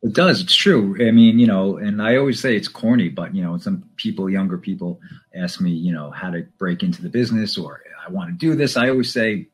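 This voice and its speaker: Casting: low, husky-voiced radio man from the New York area, relaxed and anecdotal. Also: a little fast. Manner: easygoing, anecdotal, many fillers. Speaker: radio DJ and stadium announcer. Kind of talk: casual interview chat.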